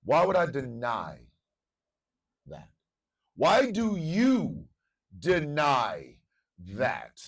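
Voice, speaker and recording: Fiery preachy man, gravelly voice. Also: fairly high pitch, huge pitch swings, extremely slow, pauses often, distant mic. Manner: preachy, repeats phrases, swings from murmur to shouting. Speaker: morning show host. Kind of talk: impassioned monologue.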